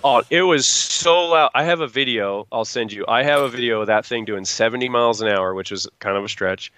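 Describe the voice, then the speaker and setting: A guest truck builder chats casually, rambling through stories and acting out what people said. His medium-pitched voice is fairly quick, sharp, clear and resonant, captured in a dry recording.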